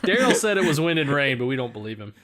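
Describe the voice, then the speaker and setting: Man, podcast host, casual chat, playful, lively pitch. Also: quick pace, a little hiss or hum. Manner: playful, jokey.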